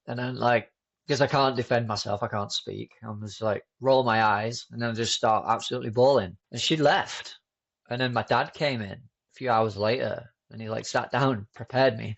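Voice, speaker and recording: A man's voice: mid-range voice, normal speed, gravelly, highs cut off. A man telling his own story as a podcast guest in an informal, candid way, full of restarts and fillers. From Britain.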